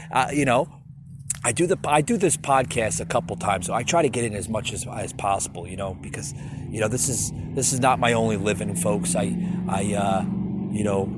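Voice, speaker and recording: A man's voice: fairly low pitch, background noise. A man hosting his own podcast, ranting solo with a rambling, stammering delivery and mocking asides. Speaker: podcast host. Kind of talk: solo political rant podcast.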